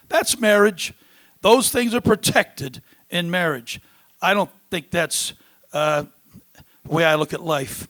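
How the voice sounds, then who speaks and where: A man's voice: high voice, slow, fairly bright tone. A man answering as a congressional candidate in a debate forum, earnest and emphatic with frequent fillers.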